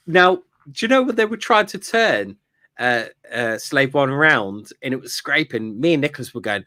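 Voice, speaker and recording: A man's voice: mid-range voice, big pitch swings, fairly quick, pushed and bright, no room sound, studio quality. A man co-hosting a podcast, chatting in an enthusiastic, rambling way with lots of fillers and laughs. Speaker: podcast co-host. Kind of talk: casual fan review chat.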